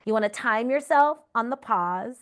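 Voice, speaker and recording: A woman yoga therapy instructor guiding breathing exercises in a calm, encouraging way, often checking in with the listener. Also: fairly high pitch, normal speed.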